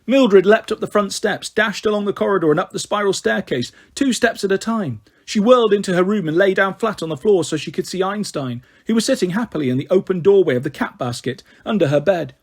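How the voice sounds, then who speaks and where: High-voiced man reading a children's story. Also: a little fast, few pauses.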